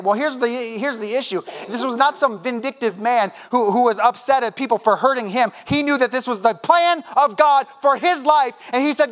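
A man's voice: very high-pitched, fairly quick, a bit bright. A man preaching a sermon in a church, impassioned and conversational, acting out quoted voices and repeating himself as he presses his point. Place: church sanctuary.

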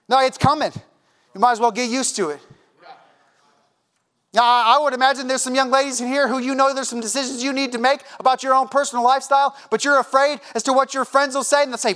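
A man's voice: extremely high pitch, steady tone, fast talker, fairly bright tone. A man preaching a sermon in a church, impassioned and conversational, acting out quoted voices and repeating himself as he presses his point. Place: church sanctuary.

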